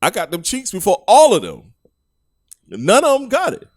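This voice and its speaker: A man's voice: high voice, huge pitch swings, moderate pace, dry recording, studio quality. A man co-hosting a podcast, telling stories in casual slang and laughing often. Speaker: podcast co-host. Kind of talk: casual chat.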